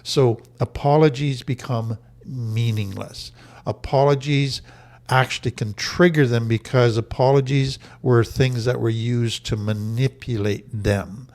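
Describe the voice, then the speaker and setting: A man's voice: medium pitch, steady tone, measured pace, a little mellow. A man giving an earnest, emphatic teaching talk on trauma recovery, repeating his key phrases for weight.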